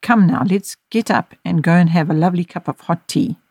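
Gentle caring mother, soft and reassuring, voiced by a woman narrator, dry close sound. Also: fairly low pitch, brisk, husky, dry recording. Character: gentle, caring mother soothing her daughter.

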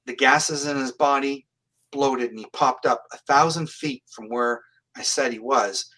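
A man's voice: medium pitch, measured pace, bright, forceful tone, poor audio. Earnest, plain-spoken man telling stories. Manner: earnest, plain-spoken, restarts his phrases. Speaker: psychic medium guest. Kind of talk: storytelling in an interview.

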